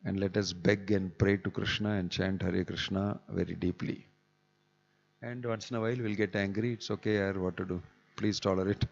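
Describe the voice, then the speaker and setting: A man's voice: low voice, flat delivery, moderate pace, gravelly. A man giving a scripture class in a temple, talking conversationally with chuckling asides. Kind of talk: sermon. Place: temple hall. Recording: dull echoey hall recording.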